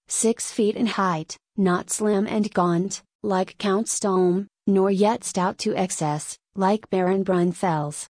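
A woman narrating a classic novel as an audiobook, in a measured, even storytelling manner. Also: mid-range voice, breathy edge, dry recording.

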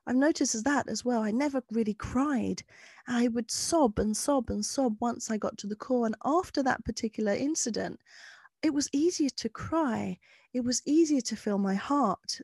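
A woman speaks as a guest on a podcast, sharing frank, earnest advice drawn from her work with clients. Her voice sits fairly high. It is recorded dry and close, with little room sound. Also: darkish tone, no room sound. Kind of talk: podcast conversation.

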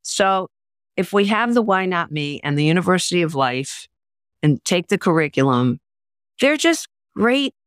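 A woman's voice: on the low side, moderate pace, clear, resonant tone, no room sound, studio quality. An older woman, a memoir author and writing teacher, telling personal stories in an interview with earnest, emphatic delivery. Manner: earnest, emphatic, acts out quoted voices. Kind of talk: interview storytelling.

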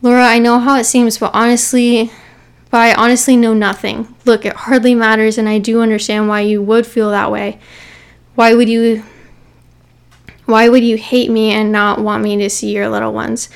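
A woman's voice: on the high side, level tone, normal speed, vocal fry, clear, resonant tone. A woman voicing a remorseful middle-aged mother who pleads tearfully, breaking off and repeating herself. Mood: pleading.

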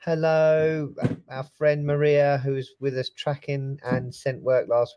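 A man's voice: mid-range voice, a little slow, few pauses, darkish tone, clear, resonant tone. A man co-hosting a live online chat, bantering and teasing his co-host. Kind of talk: casual live-stream chat.

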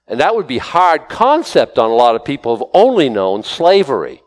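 A man's voice: mid-range voice, wildly swooping pitch, normal speed, few pauses, long reverb tail, poor audio. A man preaching a sermon, telling stories animatedly with acted-out quotes. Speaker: pastor.

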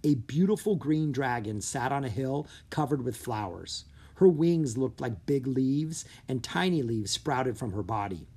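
A narrator reading a children's audiobook with expressive storytelling. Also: medium pitch, a little slow, slightly rough.

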